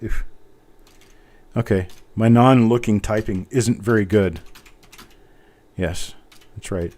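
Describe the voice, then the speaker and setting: A man's voice: lowish voice, slow pace, a little mellow. Chatty man hosting a live coin auction. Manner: chatty, self-mocking, reads out bidders while typing. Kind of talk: casual live-stream auction patter.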